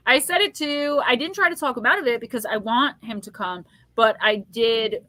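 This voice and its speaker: Bright chatty woman hosting a livestream. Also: fairly high pitch, moderate pace, dry recording. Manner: chatty, laughs often, talks straight to viewers. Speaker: psychic livestream host. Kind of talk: casual live chat.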